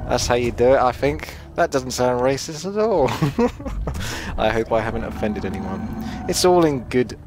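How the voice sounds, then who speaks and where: A man's voice: measured pace, background noise. Chatty Essex man commentating a game. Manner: chatty, self-mocking, jumps in pitch when excited. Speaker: gameplay commentator. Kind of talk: casual live game commentary.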